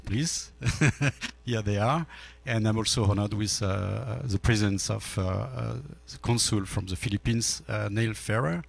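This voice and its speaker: A gravelly, low-voiced man in his fifties speaks English with a French accent. He gives panel remarks at a business forum, pausing often on fillers and restarting his sentences. His voice has a rough, creaky edge. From France. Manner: halting, many fillers and restarts. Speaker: panel speaker, energy storage executive.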